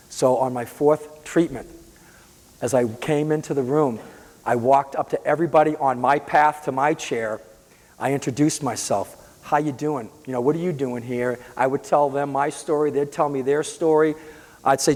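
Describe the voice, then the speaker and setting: A man from the Boston area telling his own illness story as a patient advocate, earnest and halting, with frequent restarts. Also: a little high, a little mellow, long reverb tail. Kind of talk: personal storytelling.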